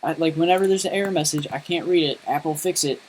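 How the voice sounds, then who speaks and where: A man's voice: a little high, quick pace, slight background noise, low-quality recording. Rambling man live-streaming his coding. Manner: rambling and self-deprecating, lots of fillers and laughs. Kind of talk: casual live-stream chat while coding.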